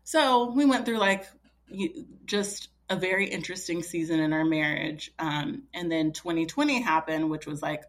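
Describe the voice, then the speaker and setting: A woman's voice: on the low side, lively intonation, moderate pace. A woman in her thirties, a podcast guest telling a personal story in a chatty way, full of fillers and quoting herself. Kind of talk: casual storytelling.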